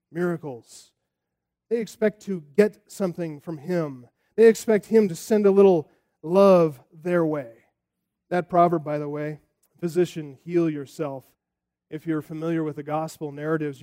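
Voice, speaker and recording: A man's voice: a little high, mellow. A man preaching a sermon, emphatic and rising and falling, sometimes acting out the taunts of a crowd. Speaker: pastor.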